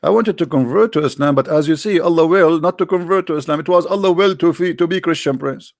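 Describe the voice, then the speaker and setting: A man hosting sarcastic religious commentary, mocking and repetitive, in halting non-native English. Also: on the high side, no room sound, studio quality. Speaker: religious debate host.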